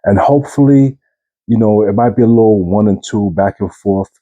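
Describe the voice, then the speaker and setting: A man's voice: lowish voice, normal speed, mellow, no echo, muffled recording. A man giving relationship advice in an earnest, conversational monologue, often checking in with "you know what I'm saying," and briefly acting out what partners say. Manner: acts out quoted partners in short bursts.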